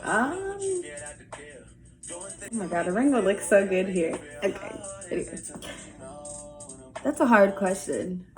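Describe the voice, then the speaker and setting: A woman's voice: mid-range voice, expressive, takes it slowly, long pauses, a little mellow. A young woman answering viewer questions in a casual vlog, chatty and candid, full of "like.". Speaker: vlogger. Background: faint music early on.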